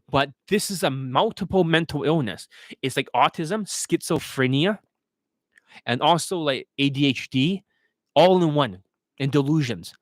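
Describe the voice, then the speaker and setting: A man's voice: a little high, measured pace, no room sound. A man giving a profane, scornful monologue as a dating coach, ranting aggressively.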